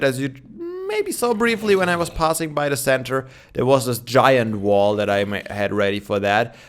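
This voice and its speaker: A young man with a smooth, medium-pitched voice, still sounding like he just woke up, gives casual Minecraft let's play commentary. He chats and thinks out loud, using lots of fillers.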